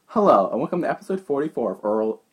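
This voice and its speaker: A woman's voice: deep voice, heavy background noise. A woman co-hosting a podcast in casual chat, giggling and fumbling her lines. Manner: giggly, keeps fumbling the intro. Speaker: podcast co-host.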